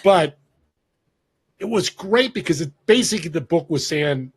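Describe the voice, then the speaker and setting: A Northern California man in his fifties, guesting on a podcast, tells a story and performs the voices of the people he quotes. His voice is on the high side and brisk, with a breathy edge. It's a casual storytelling interview, and he's an animated narrator.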